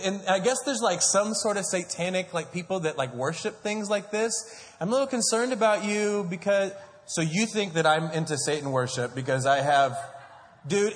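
Pastor, male, thirties: high, bright-voiced, animated comic storyteller preaching from a stage, long church-hall reverb. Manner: joking, animated storytelling to a congregation, calls for amens. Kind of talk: sermon. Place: large church auditorium.

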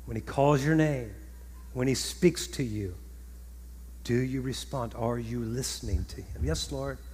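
A man preaching a sermon as pastor in a conversational, halting way with stammered repeats. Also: medium pitch, mellow, big-room sound, a little hiss or hum. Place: large church hall.

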